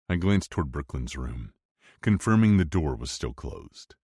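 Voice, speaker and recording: Deep-voiced man narrating a romance audiobook. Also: measured pace, breathy edge, no room sound, studio quality. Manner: expressive storytelling, wide swings for dialogue. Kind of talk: scripted first-person narration.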